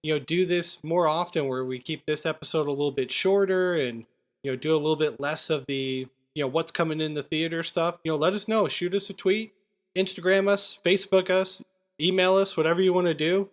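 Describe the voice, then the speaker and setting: On a casual film review show, a male co-host walks through scenes and acts out quotes while talking with his co-host. His pitch runs high, his pace is brisk, and his intonation stays fairly even.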